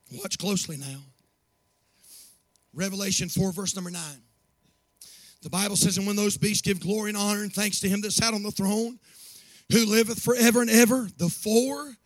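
A man preaching a sermon as pastor, building from low, quiet asides to impassioned shouts. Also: no room sound.

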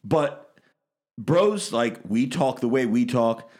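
A man on a casual podcast, spinning a long story in an animated, rambling way. His voice sits mid-range and stays even in timbre. He talks like he's chatting with friends. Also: medium pitch, takes it slowly. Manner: animated, rambling storyteller who acts out quotes. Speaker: podcast host.

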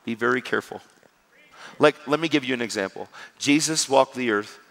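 A man's voice: mid-range voice, fairly quick, fairly bright tone. A man preaching a sermon, telling stories animatedly and acting out the dialogue. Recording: hall reverb with crowd.

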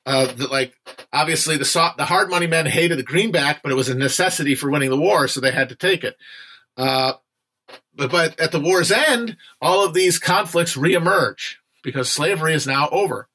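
A man's voice: on the high side, moderate pace, pushed and bright. A young man hosting a casual livestream book discussion, chatty and digressive, with frequent fillers and some swearing.

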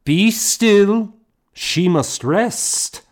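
A man voicing a strong, frank, brisk woman in a storybook reading. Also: on the low side, animated, darkish tone.

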